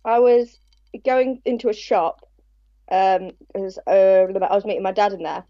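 A woman's voice: medium pitch, a little slow, warm tone, no room sound. A woman co-hosting a podcast from home, telling stories in a chatty, giggly way into her own microphone. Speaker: podcast co-host. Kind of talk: casual chat. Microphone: own desk microphone. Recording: dull lo-fi home mic.

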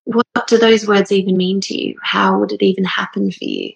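This is a low-quality recording of a woman in her thirties recounting a personal story as a casual, heartfelt monologue. Her medium-pitched voice is creaky and her delivery flat, at a moderate pace, yet she rambles earnestly with many fillers and sounds near tears.

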